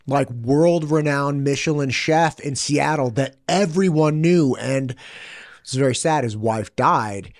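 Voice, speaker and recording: A man's voice: medium pitch, no echo. Chatty man with a dry studio sound. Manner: retells a film scene with quick acted quotes. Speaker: podcast host. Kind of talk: casual chat, animated storytelling.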